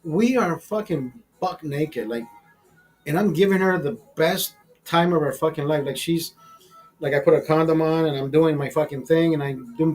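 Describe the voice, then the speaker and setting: A man in his fifties telling a personal story in a profane, rambling, animated way, full of restarts. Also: on the high side, normal speed, soft background music. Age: 50s. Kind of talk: casual storytelling.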